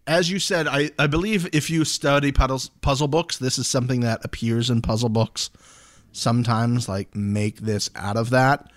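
A podcast co-host chats casually in a medium-pitched, steady voice at a normal speed, joking and occasionally swearing.

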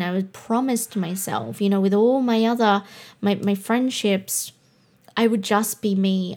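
A woman's voice: medium pitch, darkish tone. A young adult Australian woman, a podcast host and coach, talking in a candid, blunt way and swearing freely. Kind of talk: casual monologue.

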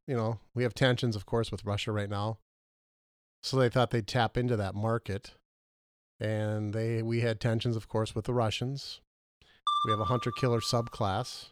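A man co-hosting a casual movie podcast, questioning his partner and arguing his points with lively jumps in pitch. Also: clear, resonant tone, dry recording, clean studio sound. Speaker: podcast co-host.

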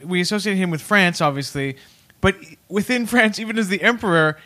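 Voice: medium pitch, expressive, brisk, pushed and bright. A co-host on a comedy podcast who chimes in with wry comparisons drawn from pop culture. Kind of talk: casual comedic podcast chat.

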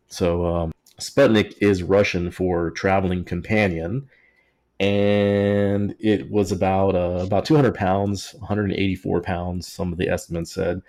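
A man's voice: low-pitched, little pitch movement, measured pace, darkish tone. A man hosting a casual history podcast, telling it in a jokey, sarcastic way. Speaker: podcast host.

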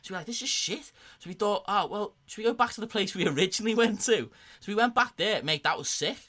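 A man's voice: high voice, lively intonation, fast talker, sharp tone. A young man chatting on a podcast, telling stories full of swearing and laughter. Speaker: podcast co-host. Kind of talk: casual chat.

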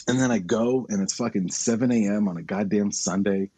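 A man in loose comedic conversation, venting his frustration in a profane, ranting way. His voice has a husky, slightly breathy edge. The sound is dry and close, with no room echo. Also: on the low side, fairly quick, few pauses, warm tone. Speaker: podcast co-host. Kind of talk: casual comedic chat.

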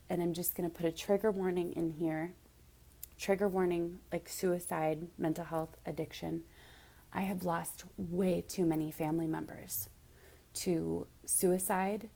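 A woman's voice: fairly low pitch, creaky, warm tone. A woman giving a heartfelt, direct motivational monologue as a business coach, at times close to tears. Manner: emotional, near tears at times.

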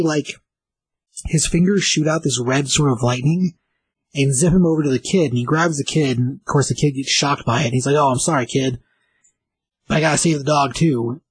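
A man's voice: mid-range voice, breathy edge, no room sound, poor audio. A man casually recapping and reviewing a comic book issue, rambling with many fillers. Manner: rambling, filler-heavy retelling.

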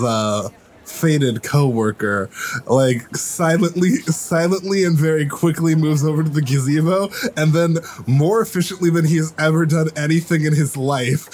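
A man's voice: on the high side, a little hiss or hum. Dry sarcastic man at a game table. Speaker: player.

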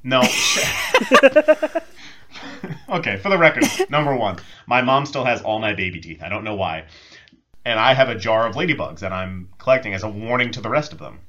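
A man's voice: fairly low pitch, normal speed. Guy cohosting a podcast, jokey and argumentative, voice jumps all over the place. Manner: animated, joking, argues back. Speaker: podcast co-host. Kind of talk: casual chat.

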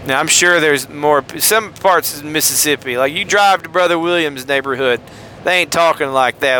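A man's voice: a little high, moderate pace, sharp tone, slight background noise. A man hosting a solo podcast from a car, talking in a rambling, jokey way full of asides. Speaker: podcast host.

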